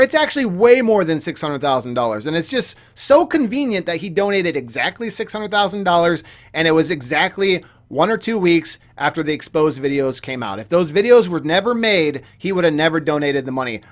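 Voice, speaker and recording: Young man, casual commentary rant, heated, repetitive, stammering, animated pitch. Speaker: gaming YouTuber commentator.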